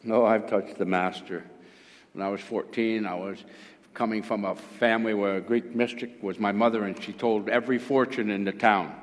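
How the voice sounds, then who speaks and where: A man's voice: on the low side, steady tone, normal speed. A man in his sixties, a pastor preaching a fervent sermon in a church hall, rising to emphatic exclamations. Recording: long hall reverb.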